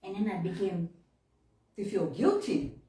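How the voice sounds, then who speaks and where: Telling a sermon story in a temple hall, this minister has a warm, mid-range, sing-song voice and takes it a little slowly. She laughs often, has a lilt, and dramatizes her own reactions, captured by a distant mic in an echoey room.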